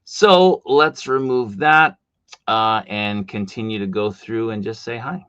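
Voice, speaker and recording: A man's voice: mid-range voice, animated, measured pace, fairly bright tone, clear, resonant tone, no room sound, dull audio. A man with a Boston accent hosting a casual live stream, rambling through chat comments with plenty of fillers. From Boston, USA.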